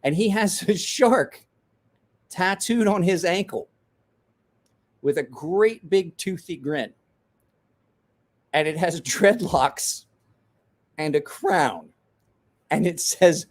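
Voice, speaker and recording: A man in his forties hosts a podcast and tells a wild story in loose, casual chat. His voice sits a little high for a man and swings widely in pitch as he acts out the people he quotes. He laughs often and swears freely. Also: lively intonation, slow, pauses often, husky. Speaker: podcast host.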